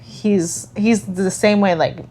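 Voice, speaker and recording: A woman's voice: medium pitch, fairly even intonation, takes it slowly, dark tone, slight background noise. Earnest woman co-hosting a podcast. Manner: reflective, earnest, many fillers. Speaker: podcast co-host. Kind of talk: casual chat.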